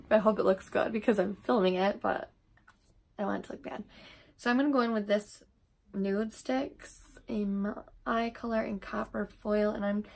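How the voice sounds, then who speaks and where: A woman vlogger talks casually through a makeup tutorial, rambling and dropping self-deprecating asides. Her mid-range voice is husky and darkish in tone, with vocal fry, and she's filmed at home on a tripod camera.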